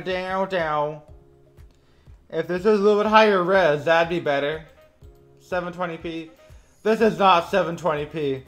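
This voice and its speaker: A man streaming a game, reacting live and rating each landing out loud with quick, excitable commentary. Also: fairly high pitch.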